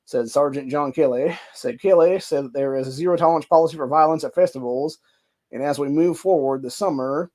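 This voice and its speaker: A man's voice: fairly high pitch, fairly quick, a little mellow. A man with an Ohio accent, hosting a show, reading news articles aloud and breaking into heated, profane rants. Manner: heated, profane ranting between stretches of reading. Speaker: podcast host.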